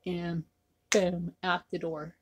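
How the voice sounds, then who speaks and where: A woman's voice: on the low side, level tone, slow, husky. A woman talking casually to her camera in a rambling, repetitive way, with many fillers. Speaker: vlogger.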